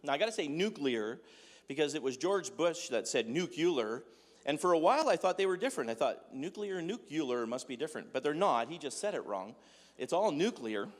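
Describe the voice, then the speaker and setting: A man's voice: fairly high pitch, sing-song, fast talker. A man giving a humorous sermon in a conversational, joking way, full of rhetorical questions. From Dutch heritage. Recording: echoey hall with long reverb.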